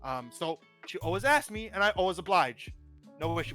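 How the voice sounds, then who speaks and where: A young man chatting casually on a livestream, telling rambling, animated stories. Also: sits high, fast talker, soft background music. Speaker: guest streamer. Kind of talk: casual stream chat.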